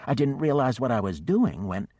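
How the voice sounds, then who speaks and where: A man's voice: medium pitch, very animated, moderate pace, darkish tone, no echo, voice pushed up. A man voicing a polite, direct teenage girl. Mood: earnest. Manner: polite, a bit curt.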